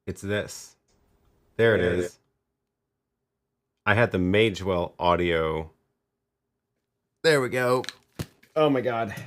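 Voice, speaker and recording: Slow and prone to frequent pauses, this fairly low male voice belongs to a livestream host showing off video gear. He muses aloud in a relaxed way while testing things, drifting off mid-thought and then beginning again.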